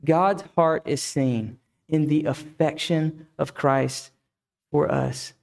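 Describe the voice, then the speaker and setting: A man's voice: fairly high pitch, steady tone, slow pace, gravelly. A man preaching a reflective sermon who asks the listeners many questions. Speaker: pastor.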